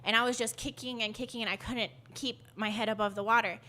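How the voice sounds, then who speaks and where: A woman's voice: a little high, fairly even intonation, fast, bright, forceful tone. A woman guest on a podcast, telling a personal story in a loose, rambling way, full of fillers and laughs. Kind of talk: casual storytelling.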